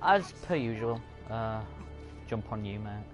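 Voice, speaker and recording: A man's voice: fairly low pitch, expressive, measured pace. A man chatting casually and rambling over his own gameplay as a streamer. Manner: chatty, rambling, self-correcting. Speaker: gaming streamer. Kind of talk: casual let's-play commentary. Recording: game music playing behind.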